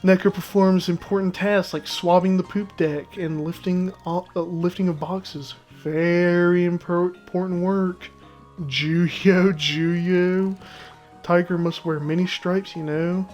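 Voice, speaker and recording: Brief: swaggering little cat deckhand, read aloud by a gamer, clipped broken phrasing, medium pitch. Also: fairly even intonation, slow, darkish tone, soft background music, close to an everyday voice. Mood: pompous. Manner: clipped pidgin phrasing sprinkled with Japanese words. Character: boastful male cat sailor, broken speech.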